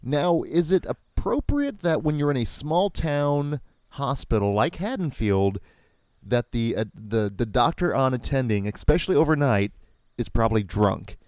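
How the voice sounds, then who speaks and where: A man's voice: mid-range voice, lively intonation, normal speed, a little mellow, clean tone, no room sound, clean studio sound. A man co-hosting a podcast, discussing a horror franchise in a wry, rambling, playful way. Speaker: podcast co-host. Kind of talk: casual movie commentary chat.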